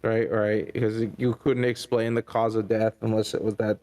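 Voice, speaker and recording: A man co-hosting a reaction stream, chatting casually with jokey, deadpan asides. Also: fairly low pitch, moderate pace. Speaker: stream co-host.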